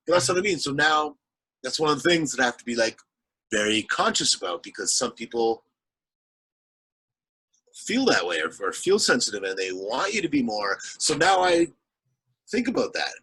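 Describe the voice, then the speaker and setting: A man's voice: mid-range voice, big pitch swings, moderate pace, pauses often, sharp tone, breathy edge, poor audio. A man, an actor and comedian, rambling animatedly in a casual interview chat and acting out the people he quotes.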